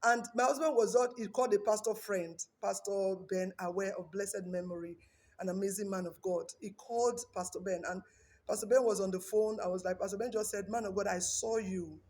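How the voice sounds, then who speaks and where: A woman's voice: mid-range voice, steady tone, fairly quick, darkish tone. A middle-aged woman telling a personal religious testimony, repeating phrases and ending in preachy appeals to her listeners. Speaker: vlogger giving a religious testimony.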